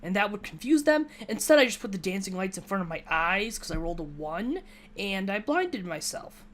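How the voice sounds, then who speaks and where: A woman's voice: mid-range voice, sing-song, normal speed, a little hiss or hum. A woman casually chatting while she plays a video game, retelling a tabletop session in a rambling, self-mocking way. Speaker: gaming YouTuber. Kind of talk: casual gameplay commentary, recounting a tabletop session.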